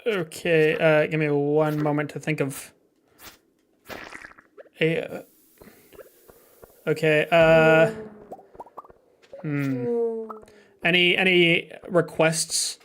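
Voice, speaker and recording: Brief: male game streamer, slow, musing, thinks aloud with pauses and fillers. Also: fairly high pitch, steady tone, fairly bright tone, a little hiss or hum. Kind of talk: casual live gameplay commentary.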